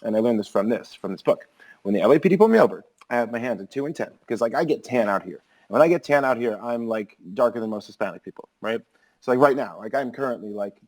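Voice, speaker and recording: A man in casual podcast chat, rambling and animated, peppering his stories with filler words. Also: medium pitch, low-quality recording. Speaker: podcast co-host.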